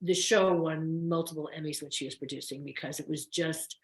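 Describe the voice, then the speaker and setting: Older actress guest, chatty and effusive, low-ish voice, roomy sound. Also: female voice, steady tone, a little fast. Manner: chatty, effusive, frequent restarts. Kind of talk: casual interview chat. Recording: roomy echo.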